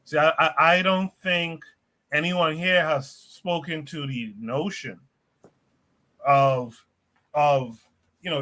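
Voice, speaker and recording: Bright-voiced man moderating a livestream. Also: on the high side. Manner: questioning, moderating, a bit halting. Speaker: podcast host and moderator. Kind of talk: livestream discussion.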